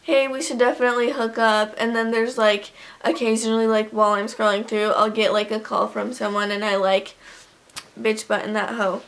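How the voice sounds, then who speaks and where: A woman's voice: medium pitch, flat delivery, normal speed, fairly bright tone. A teenage girl telling a storytime vlog in a rambling, casual way, packing her talk with "like" and swearing freely. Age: teens. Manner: rambling, fills every phrase with "like", swears freely. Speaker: vlogger.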